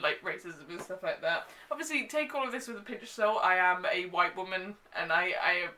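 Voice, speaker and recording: A young woman giving a casual, exasperated book review, full of "like" and quick asides. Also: medium pitch. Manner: animated, exasperated, filler-heavy with frequent "like". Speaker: book vlogger.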